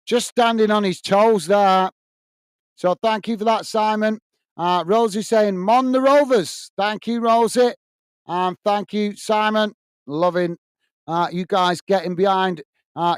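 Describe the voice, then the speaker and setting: A man's voice: high-pitched, clean tone, dry recording. A man from the UK hosting a live football watch-along, calling the play and thanking viewers by name in a chatty way. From United Kingdom. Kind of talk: live match commentary and chat reading.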